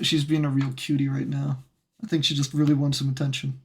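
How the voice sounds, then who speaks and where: A woman's voice: very deep voice, level tone, fairly quick, a little mellow. A woman streaming from her room at home, chatting casually and talking in doting, playful baby talk to her pet. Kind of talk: casual live-stream chat.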